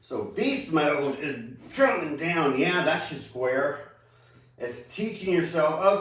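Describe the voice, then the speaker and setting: A man's voice: a little high, animated, fairly bright tone, slight background noise. A man giving a casual golf lesson in an easygoing way, talking while he hits balls on the range. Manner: easygoing, unhurried, talks while hitting balls. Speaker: golf instructor. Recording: echoey sound from far off.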